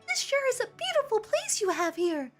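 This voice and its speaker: A woman voicing an eager, wide-eyed orphan boy who talks in an excited, gushing way. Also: very high-pitched, moderate pace, faint music behind, pitched above the performer's own voice, full character voice.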